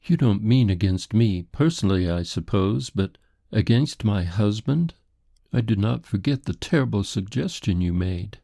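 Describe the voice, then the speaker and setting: A haughty society lady in an audiobook, prim and defensive, her voice lifted well above the deep gravelly tone of the man reading her. She speaks formally and with indignation. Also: lively intonation, normal speed, mellow, dry recording, clean studio sound. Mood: alarmed.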